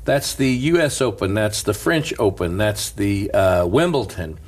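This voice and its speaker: Lively husky-voiced preacher man. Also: on the low side, a little slow. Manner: animated, laughing storyteller. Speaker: pastor. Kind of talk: casual storytelling chat.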